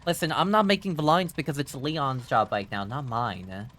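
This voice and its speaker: A man with a faded German accent giving excitable, profane live gameplay commentary as a streamer, quick to laugh. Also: mid-range voice, slight background noise.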